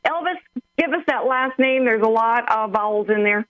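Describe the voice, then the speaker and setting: A woman's voice: on the high side, moderate pace, dry recording, lo-fi sound. A woman co-hosting a radio interview show, upbeat and chatty as she introduces and questions her guests. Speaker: radio co-host.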